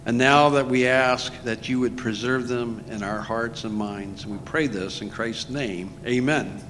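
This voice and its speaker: A male pastor announces an offering in a church and leads an earnest prayer, pausing often as he goes. His voice carries long reverb, with a faint low rumble underneath. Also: fairly bright tone. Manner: earnest, with pauses and fillers. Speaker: pastor introducing the speaker. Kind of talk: leading an offering and opening prayer.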